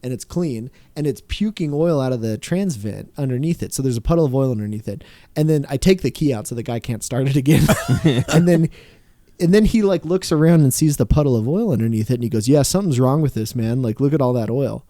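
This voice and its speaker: A man who is a mechanic, telling a story in a casual podcast chat, animated and swearing freely with laughs. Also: mid-range voice, brisk, no echo.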